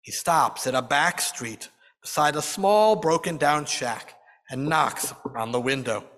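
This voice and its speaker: A man's voice: on the high side, animated, a little slow, a bit bright. A man narrating a folk tale dramatically, with varied emphasis, as a storyteller in a large hall.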